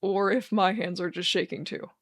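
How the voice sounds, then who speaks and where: A woman voicing a wry, skeptical young man who teases in a deadpan way in a read-aloud fan story. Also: mid-range voice, normal speed, dry recording, natural voice. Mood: tired. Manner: dry, wry, deadpan teasing.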